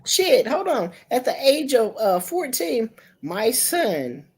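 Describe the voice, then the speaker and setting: A middle-aged woman hosting a livestream, telling a family story in casual chat, animated and profane, jumping into quoted voices. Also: on the high side, takes it slowly, breathy edge. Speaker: livestream host. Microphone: streaming setup mic.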